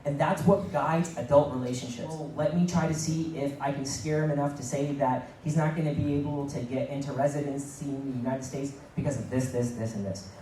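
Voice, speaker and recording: A man's voice: mid-range voice, steady tone, a little fast, few pauses, warm tone, a little hiss or hum. Middle-aged man giving an echoey keynote. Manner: repeats phrases for emphasis; acts out quoted dialogue. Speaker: keynote speaker. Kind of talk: motivational keynote talk. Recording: echoey room, mic at a distance.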